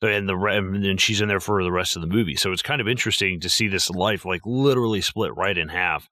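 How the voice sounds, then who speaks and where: A man co-hosting a casual movie podcast, swearing freely and acting out quotes in an animated way. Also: deep voice, fast talker, no echo, studio quality. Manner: animated, profane, acts out quotes. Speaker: podcast co-host.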